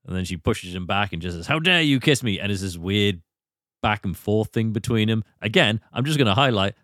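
A British podcast host leads a relaxed film chat, his lowish voice recapping scenes and slipping into quick character impressions. He rushes through the recaps and swoops up high whenever something amuses him. The recording is dry and close, with no room around his voice.

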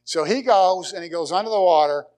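This is a male pastor giving a brisk sermon in a voice pitched a touch high. Loud, emphatic passages give way to near whispers, and he often starts phrases over and repeats himself.

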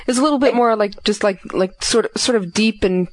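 A woman's voice: mid-range voice, fairly quick, dry recording, low-quality recording. Giggly New York woman co-hosting. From New York, USA. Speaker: podcast co-host. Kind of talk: casual chat.

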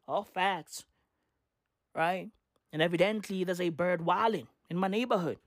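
A man's voice: high voice, measured pace, pauses often, fairly bright tone, dry recording, clean studio sound. A man ranting casually to camera, profane and slangy, rambling with constant rhetorical questions. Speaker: vlogger.

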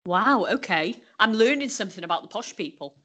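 A woman's voice: mid-range voice, animated, fairly quick, fairly bright tone. A woman co-hosting a casual comedic chat who breaks in with crude wisecracks. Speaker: podcast co-host.

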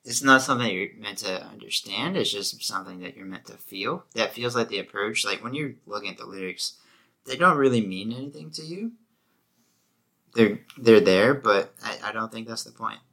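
A man's voice: lowish voice, moderate pace, bright, forceful tone. A man co-hosting a casual album review podcast, laid-back and filling his talk with "like". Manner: laid-back, heavy use of "like". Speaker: podcast co-host.

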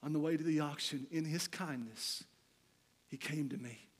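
A middle-aged man preaching a sermon, telling a candid personal story that swings between loud, animated passages and quiet, hushed ones. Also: on the high side, normal speed. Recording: long hall reverb.

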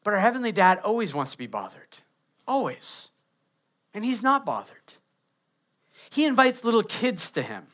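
A man's voice: high voice, sing-song, normal speed, pauses often, a bit bright. A man, preaching a sermon as pastor and acting out quoted kids and prayers.

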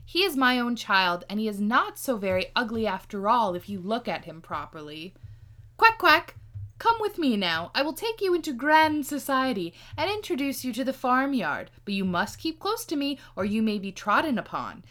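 A woman voicing a fussy, proud mother duck in a storybook reading, with slow, exaggerated delivery. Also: on the high side, big pitch swings, a bit bright. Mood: doting.

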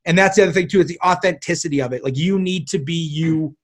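A man guesting on a podcast, talking in a chatty, animated way and swearing casually. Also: a little high, quick pace, slightly rough. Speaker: guest, self-defense instructor.

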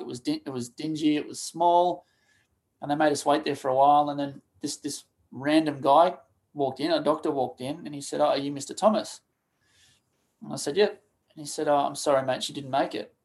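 Halting man telling a painful story. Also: on the high side, creaky, darkish tone. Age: 30s. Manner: halting, emotional, many restarts and trailing pauses. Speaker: guest, charity co-founder. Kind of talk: personal storytelling in a podcast interview.

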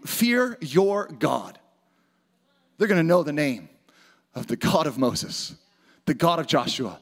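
A man preaching an energetic sermon to a church audience, often shouting for emphasis. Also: on the high side. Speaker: pastor. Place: church auditorium with live audience.

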